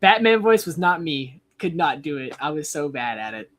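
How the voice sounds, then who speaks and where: A man's voice: on the high side, big pitch swings, moderate pace, fairly bright tone. A young man in his twenties, a wrestler guest telling a casual story, rambling with lots of "like". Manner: rambling, heavy use of "like".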